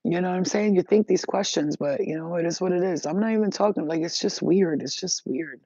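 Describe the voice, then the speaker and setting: A spiritual vlogger talks to her viewers in a rambling, emphatic, profane rant. Her voice sits on the low side, fairly quick, mellow and a bit rough. The lo-fi recording is dull and dry.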